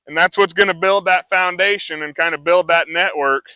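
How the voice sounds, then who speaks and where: A man's voice: sits high, steady tone, moderate pace, pushed and bright, no echo. Easygoing man explaining horse training. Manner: casual, rambling explanation with many fillers. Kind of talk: live horsemanship demonstration.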